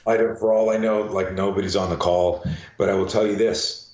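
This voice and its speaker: Brief: older male coach guest, very low voice, chatty with many restarts, echoey dull recording. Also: fairly even intonation, fairly quick, darkish tone. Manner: chatty, repeats words while thinking. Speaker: guest, self-defense coach. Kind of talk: casual interview. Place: garage.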